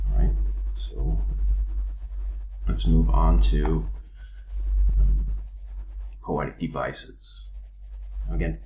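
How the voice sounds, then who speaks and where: A man teaching a recorded poetry lesson, explaining step by step in an unhurried way with frequent ums and uhs. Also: rumbling low, roomy sound, dull audio, slight background noise.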